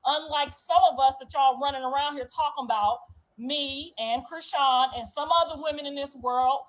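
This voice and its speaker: A woman delivering a raw, profane, defiant confessional monologue, moving from low brooding to loud outbursts. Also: moderate pace, poor audio. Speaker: reality show cast member.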